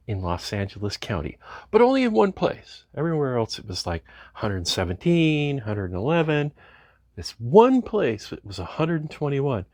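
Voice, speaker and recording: A man's voice: medium pitch, a little mellow, no room sound. Man, home mechanic vlog, rambling and wry, mid-range voice, dry close sound. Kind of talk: casual DIY repair vlog.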